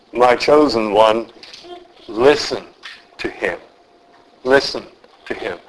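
A man preaching an expository sermon, speaking in a measured, deliberate way and slowing down for emphasis. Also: fairly high pitch, fairly bright tone, slight background noise, rough recording.

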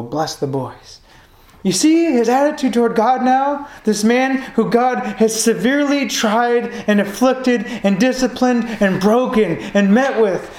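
An earnest preacher delivers a sermon in a roomy, echoing sanctuary. The voice sits at a middle pitch, reading scripture slowly and deliberately. The points build through emphatic repetition. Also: darkish tone. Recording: roomy echo.

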